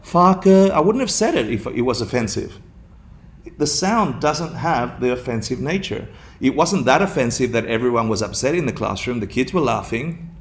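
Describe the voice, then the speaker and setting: A man from Argentina giving a dharma talk, telling a story in an animated, jokey way and laughing often. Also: medium pitch, normal speed. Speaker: dharma teacher.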